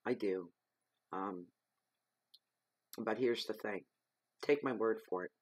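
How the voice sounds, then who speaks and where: A tarot reader with a fairly low voice gives his weekly reading as an earnest, slow monologue, repeating points and offering emphatic advice, with one cough. The recording is dry and close, with no room sound around it.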